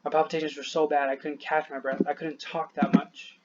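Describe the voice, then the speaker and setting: A man with a fairly high voice rants into a dull, lo-fi recording. He sounds short of breath and worn down, rambling, breaking off mid-thought and cursing often. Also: little pitch movement, fairly quick, background noise. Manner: frustrated, rambling, swears a lot, trails off. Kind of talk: venting to camera.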